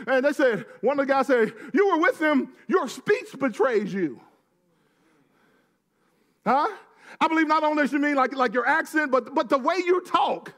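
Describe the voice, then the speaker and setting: A male pastor with a strikingly high voice delivers a sermon. He keeps prodding his congregation with quick tags and answers, and breaks the flow with joking asides. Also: animated, a bit bright. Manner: punctuates with call-and-response tags to the congregation.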